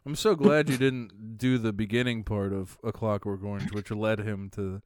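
A young man co-hosting a casual chat, laughing often while telling quick stories. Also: on the low side, fairly even intonation, darkish tone, no room sound. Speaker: podcast co-host.

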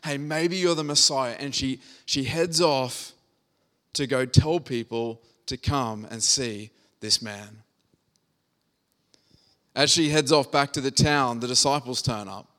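A man's voice: medium pitch, slow, a bit bright. Man preaching a casual, humorous sermon. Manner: conversational, humorous storytelling with scripture reading.

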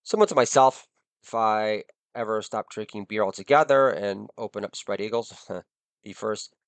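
A man's voice: fairly low pitch, moderate pace, no room sound. A middle-aged man, a podcast host, delivering a crude comic monologue and laughing at his own jokes.

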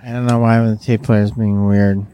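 A man's voice: on the low side, level tone, normal speed, clean tone, dull audio. A man hosting a podcast in easygoing casual chat. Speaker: podcast host.

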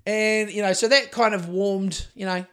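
A man's voice: sits high, fairly even intonation, moderate pace, sharp tone, clear, resonant tone. A man with a New Zealand accent, co-hosting a podcast in casual chat, rambling and swearing freely as he tells stories. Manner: profane, rambling storyteller. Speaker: podcast co-host.

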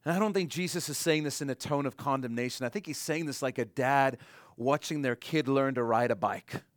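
A man preaching a sermon with earnest conviction. His pitch sits mid-range, and he slows and quiets down to land each key point. The sound is close and dry, with no room echo. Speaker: pastor.

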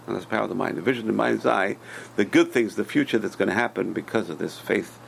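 A man teaching a Torah class, telling stories in an animated way and swinging between loud and hushed delivery. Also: on the low side, fast talker, vocal fry, slight background noise. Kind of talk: storytelling sermon.

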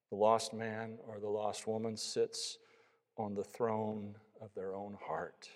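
A man's voice: fairly low pitch, steady tone, unhurried, darkish tone. A man preaching a sermon, telling a story and then pleading with his listeners. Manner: storytelling, rising to pleading appeals. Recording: long hall reverb.

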